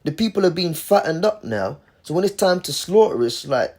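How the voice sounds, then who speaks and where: A man's voice: a little high, very animated, moderate pace, darkish tone, husky. A man in casual religious commentary who preaches emphatically, repeats himself and keeps saying "man".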